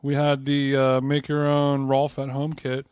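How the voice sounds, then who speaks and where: A man's voice: medium pitch, monotone, unhurried, a little mellow, clean tone, dry recording. A man co-hosting a podcast in casual banter, joking and rambling off on tangents. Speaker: podcast co-host.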